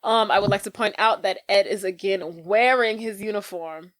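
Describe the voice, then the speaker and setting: A woman co-hosting a podcast, recapping a film in a loose, animated chat. Her voice sits in a middle pitch and is recorded dry and close, with no room sound. She throws in slang and short impressions as she goes. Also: dry recording. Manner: chatty and animated, slips into slang and quick impressions. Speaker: podcast co-host. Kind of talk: casual movie recap chat.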